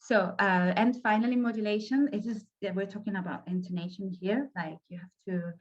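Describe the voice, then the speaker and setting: Spanish woman trainer, mid pitch, hesitant delivery, muffled audio. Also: steady tone. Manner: halting, many fillers and restarts. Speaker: workshop trainer. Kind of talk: online training workshop.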